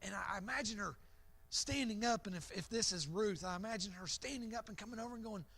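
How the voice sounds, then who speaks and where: A man's voice: high voice, quick pace, a bit bright. A man, a pastor, giving an evening Bible lesson as an imaginative story, often repeating words as he goes. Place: church.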